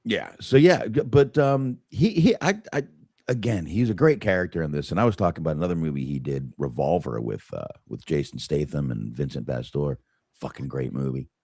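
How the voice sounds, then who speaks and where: Deep, animated man on a movie podcast. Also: a little fast, husky, dry recording, studio quality. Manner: animated, swears often, frequent restarts. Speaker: podcast co-host. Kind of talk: casual movie review chat.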